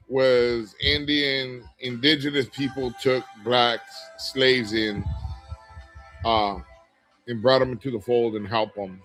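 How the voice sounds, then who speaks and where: Middle-aged guy on a livestream, reads chat out loud, candid and rambling, lots of uh's, faint music behind him. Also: mid-range voice, low-quality recording. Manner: candid, rambling, with frequent fillers and restarts. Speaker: livestream host. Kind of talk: casual livestream chat, reading viewer comments aloud.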